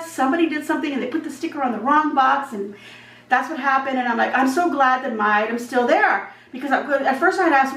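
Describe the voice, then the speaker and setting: A woman's voice: high voice, brisk. A woman vlogger casually telling a storytime anecdote, retelling the back-and-forth and acting out the other people's lines as she goes. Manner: animated retelling, acts out dialogue. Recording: echoey room, voice a bit far from mic, faint background hum.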